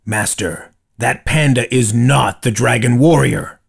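A man's voice: mid-range voice, unhurried, creaky, slightly rough, heavily acted. A man voicing a stern, commanding older male red panda kung fu master in a storybook reading. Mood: insistent.

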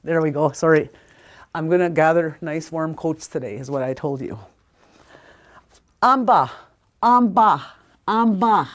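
A woman's voice: low voice, steady tone, normal speed, a little mellow. A woman teaching a language lesson, patiently sounding out words and repeating them, with small apologies for slips.

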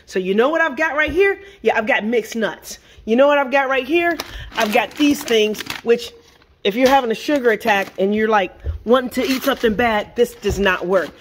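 A woman's voice: on the high side, slight background noise. Exasperated woman ranting at home. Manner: animated, exasperated, lots of rhetorical questions. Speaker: vlogger. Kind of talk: casual vlog rant. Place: home kitchen.

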